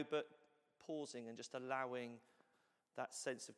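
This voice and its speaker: A man's voice: on the high side, unhurried, a bit bright, clear, resonant tone. A man pastor giving a conversational sermon to his congregation, often saying "you know" and "so cool". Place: church hall. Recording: long hall reverb.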